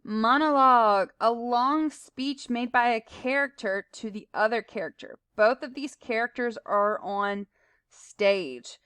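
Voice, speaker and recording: A woman talks through a recorded lesson in a fairly high voice. She explains terms plainly, with fillers and asides. The sound is dry and close, and her voice is smooth. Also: takes it slowly, a bit bright, dry recording. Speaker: teacher.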